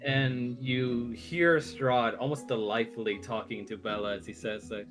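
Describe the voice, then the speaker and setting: A man narrating as game master on an online call, with a halting delivery full of fillers. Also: mid-range voice, fairly even intonation, over music.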